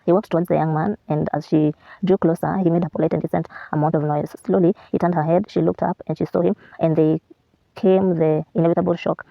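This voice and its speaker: A woman vlogger reading a novel aloud, steady with small slips and restarts. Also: on the low side, brisk, creaky, dry recording, muffled recording.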